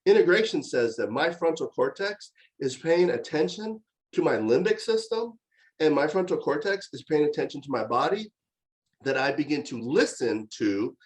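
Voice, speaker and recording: A man's voice: fairly high pitch, low-quality recording. A man giving a conversational lecture on parenting, telling stories and acting out exasperated outbursts. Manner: storytelling, with animated quoted outbursts.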